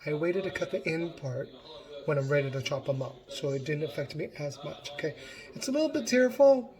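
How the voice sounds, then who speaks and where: A man's voice: on the high side, lively intonation, fairly quick, darkish tone. A man giving a casual cooking demonstration in his home kitchen, chatty and encouraging as he talks while chopping.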